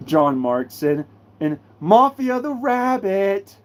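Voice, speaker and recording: A channel host doing a live fan Q&A, ranting excitably about characters with sudden bursts of shouting. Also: medium pitch, takes it slowly.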